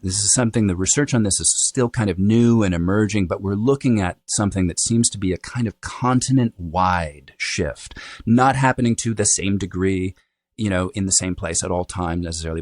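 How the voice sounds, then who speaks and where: A man with a very low voice talks through his expertise in an easygoing interview. He explains at length, restarting phrases and filling pauses with "um" and "you know." The sound is dry and close. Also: darkish tone, no room sound. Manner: thoughtful, explanatory, with frequent fillers. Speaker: dialect coach. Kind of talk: casual interview answers.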